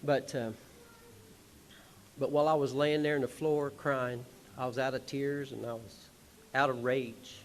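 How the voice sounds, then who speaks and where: A man's voice: mid-range voice, little pitch movement, measured pace, a little hiss or hum. A man speaking on a concert hall stage, telling family stories in a folksy, rambling, emotional way with small chuckles. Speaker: son of the honored musician, speaking at a tribute show. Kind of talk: personal stage speech.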